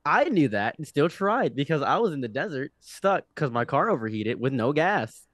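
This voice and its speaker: Lively young man telling a story. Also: on the high side, normal speed, no room sound, clean studio sound. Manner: animated, with frequent restarts and acted-out quotes. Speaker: podcast guest. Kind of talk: storytelling in casual conversation.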